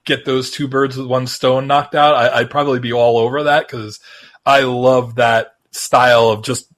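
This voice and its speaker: A man co-hosting a music podcast in casual chat, talking in a rambling, halting but enthusiastic way. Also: mid-range voice, little pitch movement, a bit bright. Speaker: podcast co-host.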